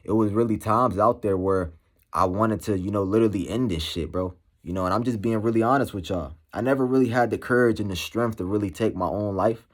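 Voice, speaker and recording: A man speaking candidly to camera as a motivational vlogger, halting and slangy, full of "you know" fillers. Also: fairly low pitch. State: emotional, shaken. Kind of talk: candid personal monologue to camera.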